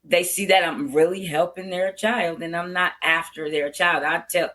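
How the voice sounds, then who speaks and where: An older woman educator talks straight and without sugarcoating, with a bright, forceful tone. She laughs easily as she makes her points in a relaxed interview. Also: fairly low pitch, normal speed. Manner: blunt, frank, laughs easily. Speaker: veteran educator, podcast guest. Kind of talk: candid interview talk.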